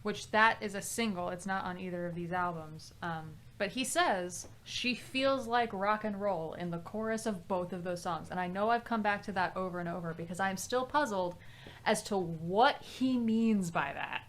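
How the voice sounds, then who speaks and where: A woman's voice: lowish voice, moderate pace, slight background noise. A woman chatting casually on a music podcast, giving blunt, exasperated criticism with lots of filler "like". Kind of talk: casual music commentary chat.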